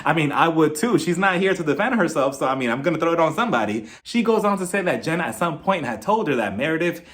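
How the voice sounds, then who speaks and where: Giggly, sarcastic man recapping a show. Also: fairly high pitch. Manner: giggly, sarcastic, acts out quotes. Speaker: YouTube show reviewer. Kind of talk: casual recap commentary.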